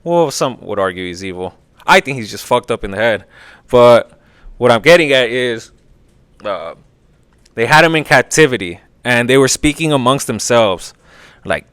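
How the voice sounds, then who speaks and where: Man, podcast host, casual profane storytelling, smooth clear voice, dry close sound. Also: medium pitch, lively intonation, moderate pace, long pauses, a bit bright, dry recording. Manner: profane, rambling, lots of filler.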